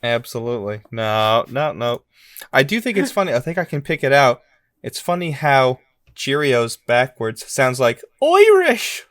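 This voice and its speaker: A man co-hosting a casual podcast, easygoing and quick to laugh, thinking out loud as he guesses answers. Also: mid-range voice, wildly swooping pitch, no echo, clean studio sound. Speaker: podcast co-host, contestant in the game. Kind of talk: casual game-show podcast chat.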